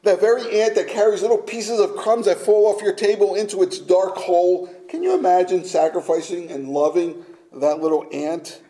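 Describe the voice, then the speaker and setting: A man preaching a sermon slowly and emphatically, sometimes dropping to a near-whisper for effect. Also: sits high, mellow, rough recording.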